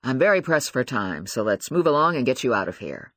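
A man's voice: medium pitch, sing-song, fairly quick, a bit bright, no echo, clean studio sound. A man voicing a manipulative male doctor who lectures and presses his patient in an audiobook. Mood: stern. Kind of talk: audiobook character voice.

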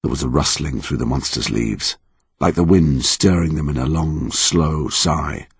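A man's voice: extremely low pitch, measured pace, breathy edge, no room sound. A man narrating a story in a dramatic, emotionally charged reading. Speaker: audiobook narrator.

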